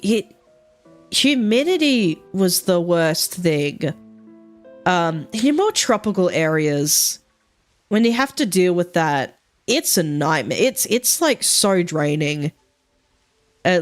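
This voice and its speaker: Giggly woman with a lively voice. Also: on the low side. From Australia. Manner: rambling, giggly, swears casually, many fillers. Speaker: streamer. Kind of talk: casual livestream chat.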